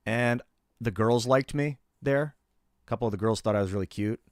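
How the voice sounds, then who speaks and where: A man's voice: medium pitch, normal speed, no room sound, clean studio sound. A middle-aged man streaming live and telling stories from his life in a loose, rambling way, with lots of fillers and swearing. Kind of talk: casual storytelling on a live stream.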